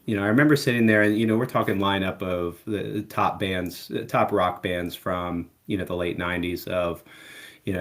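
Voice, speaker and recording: A middle-aged man, a musician guest in a casual interview, talking in a relaxed, rambling way full of fillers. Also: low-pitched. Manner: relaxed, rambling, many "you know" fillers.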